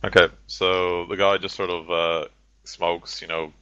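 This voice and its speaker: A man narrating a tabletop game as game master in a loose, casual way, full of fillers. His voice is low and deep with a bright, forceful edge. The recording is dull, lo-fi and dry. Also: flat delivery, measured pace, smooth, no echo. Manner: casual, many fillers like "sort of" and "you know".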